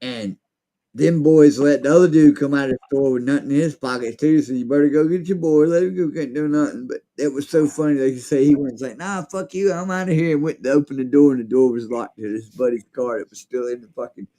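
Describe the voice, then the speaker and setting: A man with a gravelly, dark voice tells a rambling story in casual chat. He swears freely and acts out the people in it. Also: medium pitch, fast. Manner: rambling, profane, acts out quotes.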